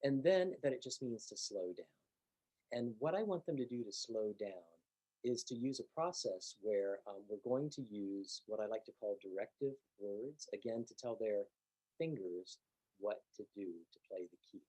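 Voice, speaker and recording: A man teaching piano, explaining calmly and patiently, step by step. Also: fairly low pitch, normal speed, low-quality recording. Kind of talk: instructional demonstration.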